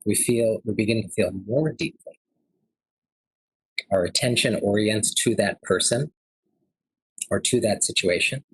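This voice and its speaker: Husky-voiced man telling a story. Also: lowish voice, unhurried, pauses often, dry recording, rough recording. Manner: earnest, conversational, with frequent fillers. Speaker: speaker at a health forum. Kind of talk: storytelling lecture.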